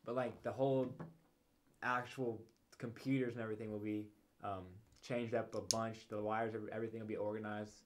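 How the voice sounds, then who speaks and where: A man's voice: lowish voice, little pitch movement, moderate pace, a little hiss or hum. A man co-hosting a casual livestream, talking loosely with lots of fillers and restarts. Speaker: co-host.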